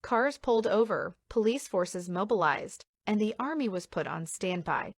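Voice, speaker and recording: A woman's voice: medium pitch, lively intonation, normal speed, no room sound. A woman narrating a trivia fact in a matter-of-fact way.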